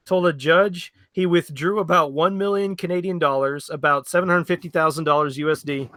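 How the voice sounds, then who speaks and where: A man's voice: a little high, steady tone, a little fast, sharp tone, no echo. A man hosting a casual comedy podcast who reads news articles aloud and stumbles over names. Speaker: podcast host.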